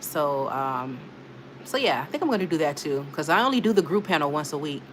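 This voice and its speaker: Woman on a livestream, chatty and laughy, kinda low voice, little hiss in the background. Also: very animated, a little fast. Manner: chatty, laughs often, reads chat comments aloud. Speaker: livestream host reading chat. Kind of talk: casual live stream chat.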